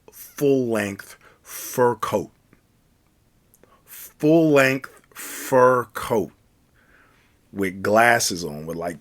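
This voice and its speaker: A man's voice: on the low side, a bit bright. A man telling a casual personal story, rambling with many fillers and restarts. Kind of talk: casual spoken anecdote.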